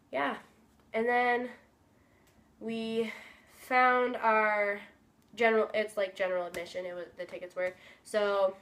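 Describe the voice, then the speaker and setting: A young woman vlogger telling a story in a chatty, excitable way, full of fillers. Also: mid-range voice. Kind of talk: casual storytelling.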